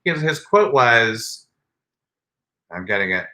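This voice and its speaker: A man co-hosting a podcast, chatting casually with animated, sarcastic asides and frequent laughs. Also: medium pitch, takes it slowly. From United States. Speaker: podcast co-host. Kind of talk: casual chat.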